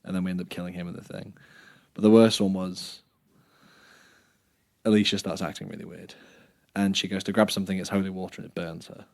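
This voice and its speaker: A man with a slightly low voice recounts a role-play game in casual podcast chat. He drops soft and quiet for the sad parts and gets loud when he jokes. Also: fairly quick, vocal fry, pauses often. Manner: lively storyteller, soft and low when telling sad scenes, loud when joking.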